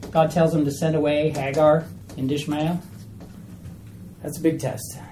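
A woman teaching a small Bible study group in a chatty, animated way, asking questions of the class. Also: sits low, measured pace, slight background noise, poor audio.

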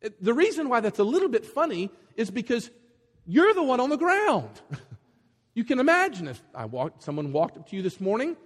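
Preacher, male, husky, high-pitched and very lively delivery, long hall reverb. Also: fairly quick. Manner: animated storytelling, acting out voices in quotes. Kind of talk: sermon.

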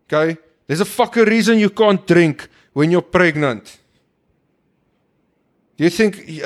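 Talking directly to his audience, this podcast host gives a blunt, preachy, impassioned monologue, swearing nonstop. His voice is high-pitched and slightly raised, at a measured pace with frequent pauses.

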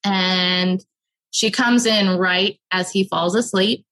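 A woman in her thirties with a bright, forceful voice shares a raw personal story as a guest. She speaks earnestly and openly, and her words tumble out faster when things get hard. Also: mid-range voice, steady tone, poor audio. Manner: earnest and open, rushes through emotional parts. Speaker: podcast guest.

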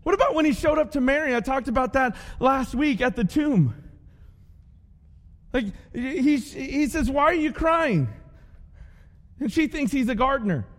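Animated high-voiced man preaching. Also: a little slow, pauses often. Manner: animated storytelling with playful character voices. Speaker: pastor. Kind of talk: sermon. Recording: long hall reverb.

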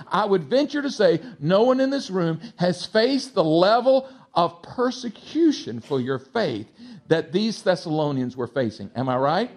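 High-voiced pastor with a slight Texas twang. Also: male voice, big pitch swings, measured pace. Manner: emphatic, swings between loud exhortation and soft asides to the congregation. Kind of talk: sermon.

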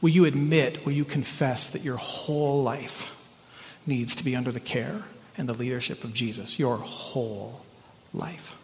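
A man preaching a sermon as pastor, earnest and emphatic, sometimes rising in pitch and sometimes dropping to a hush. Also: fairly even intonation, normal speed, slight background noise. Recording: church hall reverb.

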